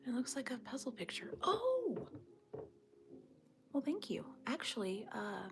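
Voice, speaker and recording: A woman with a slightly high voice talks a little fast as she hosts a casual livestream at home, chatting with viewers and replying to comments, often in a whisper. She overlooks a snowy backyard, and the recording carries steady background noise.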